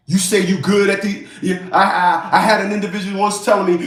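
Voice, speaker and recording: A man delivers a ranting commentary vlog in a fairly high voice, animated and mocking. He repeats phrases for emphasis. The recording carries a roomy echo. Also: brisk. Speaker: YouTube commentator.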